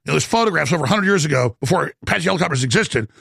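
A man delivering a heated, excited rant as a show host, often stumbling and repeating words as he builds up steam. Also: a little high, very fast, gravelly, slightly rough, no room sound, clean studio sound. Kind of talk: heated ranting monologue.

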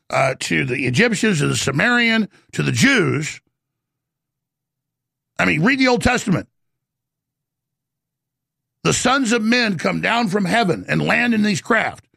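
A man delivering a heated, excited rant as a show host, often stumbling and repeating words as he builds up steam. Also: high-pitched, unhurried, vocal fry, long pauses, no room sound, studio quality. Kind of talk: heated ranting monologue.

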